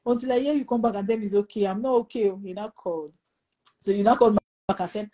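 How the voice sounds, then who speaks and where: A middle-aged woman pastor, telling a testimony in conversation and acting out the dialogue with lively jumps in pitch. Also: fast, low-quality recording. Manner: animated, acts out quoted dialogue with pitch jumps. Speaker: pastor and guest.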